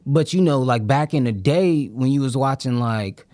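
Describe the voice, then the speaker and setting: A man's voice: mid-range voice, animated, moderate pace, warm tone. A young man hosting a podcast in casual chat, talking in a laid-back, rambling way. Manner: laid-back, rambling, lots of "you feel me". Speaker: podcast host.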